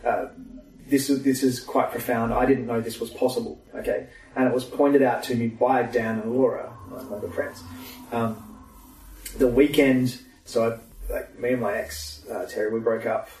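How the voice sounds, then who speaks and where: A man's voice: medium pitch, level tone, normal speed, a little mellow. A man chatting casually as a podcast guest, telling stories in a laid-back way and laughing often. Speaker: guest, personal trainer and mentor. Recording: roomy sound, mic far off.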